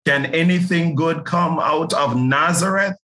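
A man's voice: a little high, a little slow, pushed and bright, rough recording. An earnest male pastor with a Jamaican accent, guesting on a podcast. He speaks in a preaching manner and stumbles over repeated words as he builds toward a point. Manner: earnest, repeats words when starting a thought.

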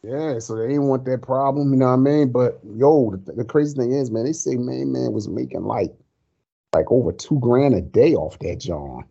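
A man's voice: mid-range voice, normal speed, vocal fry, dark tone, breathy edge. A man co-hosting a podcast, talking in a laid-back, slangy way. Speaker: podcast co-host. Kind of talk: casual podcast chat. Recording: dull lo-fi sound.

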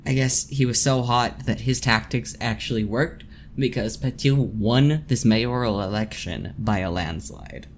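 A podcast co-host narrating true crime in casual chat, with sarcastic, deadpan asides. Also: mid-range voice, a little slow, slight background noise.

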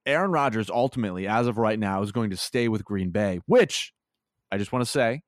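Laid-back young man with a low voice. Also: animated, a little fast, no echo, studio quality. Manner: easygoing, laughs between points. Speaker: podcast co-host. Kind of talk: casual sports chat.

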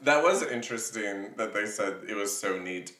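A man's voice: fairly low pitch, animated, moderate pace, fairly bright tone. A man in casual chat, laughing often and slipping into funny impressions of movie characters. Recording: echoey room, a bit far from the mic.

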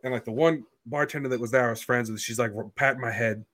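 A young man hosting a podcast, telling a story in a blunt, profane, animated way. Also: mid-range voice, fast. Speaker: podcast host. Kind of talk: casual storytelling chat.

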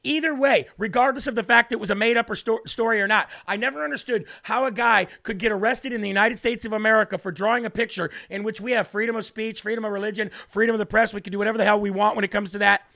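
A man hosting a political talk show, ranting in an animated and sarcastic way to a co-host. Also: sits high, fast, creaky, few pauses.

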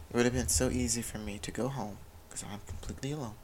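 A man's voice: mid-range voice, steady tone, fast talker, a little mellow, slight background noise, rough recording. A man telling a personal story of faith and struggle in an earnest, confessional way, with many restarts. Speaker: father sharing a personal story. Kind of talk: candid personal talk about faith.

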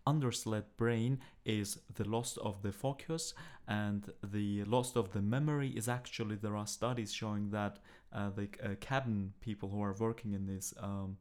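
Low-voiced man co-hosting a podcast. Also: steady tone, normal speed, hardly any pauses, a little mellow. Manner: hesitant, with frequent fillers and restarts. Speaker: podcast co-host. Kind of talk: casual podcast chat.

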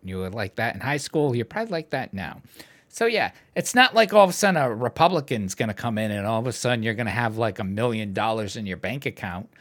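Talking fast in a lowish voice, a man hosts a casual podcast devoted to political ranting. He's animated and foul-mouthed, and he laughs frequently.

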